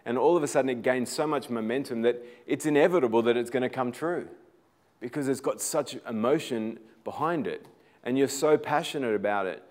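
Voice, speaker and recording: A man's voice: mid-range voice, a little fast, darkish tone. A middle-aged Australian man giving an earnest, inspirational talk, telling personal stories and sometimes repeating words as he builds toward emphatic points. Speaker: motivational speaker.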